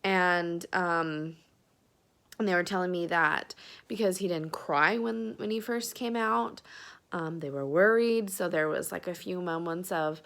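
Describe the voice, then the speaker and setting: Young woman vlogger, tearful personal story, slow and halting. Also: lowish voice, creaky, a bit bright. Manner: emotional, close to tears, many fillers.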